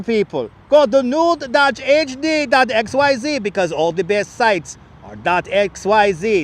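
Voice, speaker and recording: A man doing a hammy accented ad announcer. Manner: loud, hammy sales pitch. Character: jokey over-the-top male ad announcer, exotic accent. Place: outdoors by an airport. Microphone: wireless clip-on mic.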